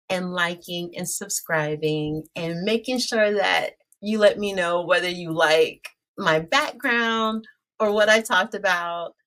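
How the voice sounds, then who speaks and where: A woman's voice: medium pitch, fairly bright tone. Chatty woman vlogger, Mid-Atlantic US accent. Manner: chatty, laughs, talks directly to viewers. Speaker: vlog host. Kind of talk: casual storytelling to camera.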